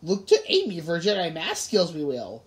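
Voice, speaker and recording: A woman voicing a small, wise origami Yoda puppet that croaks its lines in scrambled order, read in an audiobook. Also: fairly low pitch, huge pitch swings, normal speed. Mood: cryptic. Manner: inverted word order, croaking. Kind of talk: audiobook reading.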